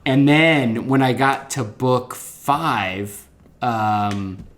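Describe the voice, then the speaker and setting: A man's voice: mid-range voice, extremely slow, fairly bright tone, a little hiss or hum. A man hosting a casual book-discussion podcast, enthusiastic and peppered with filler ums. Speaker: podcast host.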